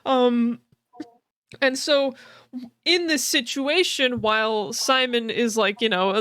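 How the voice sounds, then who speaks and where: A woman talking through a game's story on a casual podcast, full of fillers, restarts and light laughs. Her voice sits a bit high. The sound is dry and close, with no room echo. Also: slow pace, pauses often, a bit bright, smooth. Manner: explaining with many fillers and repeats, laughs often. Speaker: podcast co-host.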